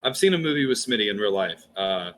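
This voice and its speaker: A man's voice: lowish voice, big pitch swings, fast talker, fairly bright tone. A man from Georgia with a light Southern accent, chatting as a guest and enunciating his words carefully. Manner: storytelling, precise enunciation. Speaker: podcast guest. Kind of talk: casual chat.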